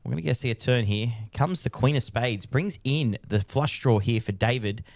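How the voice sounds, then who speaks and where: Dry-sounding poker commentator. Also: male voice, medium pitch, normal speed, vocal fry, dry recording. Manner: chatty, teasing co-host.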